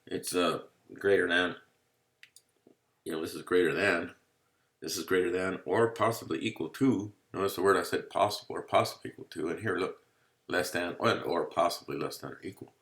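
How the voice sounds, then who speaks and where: A man's voice: low-pitched, brisk, fairly bright tone. A male math teacher giving a casual, playful lecture from home. He jokes around and keeps checking in with his listeners. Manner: playful, jokey, keeps checking in with "you see?". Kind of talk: casual screen-recorded lecture.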